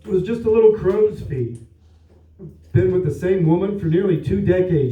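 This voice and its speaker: A man's voice: high-pitched, lively intonation, normal speed, mellow. Dry-voiced male comic in an echoey room. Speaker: stand-up comedian. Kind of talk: stand-up set. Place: comedy stage at a winery. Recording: echoey room, distant dull mic.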